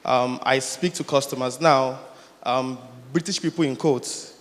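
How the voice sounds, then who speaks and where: A man from the audience asks a question at a conference and tells his story in an animated way, with laughing asides. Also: medium pitch, a little slow. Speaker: audience member asking a question. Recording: hall with long reverb.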